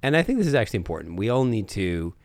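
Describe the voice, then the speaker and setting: A man's voice: fairly low pitch, very animated, racing, no echo. A man who runs tabletop games, chatting casually and earnestly with some hesitation. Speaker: podcast co-host, game master.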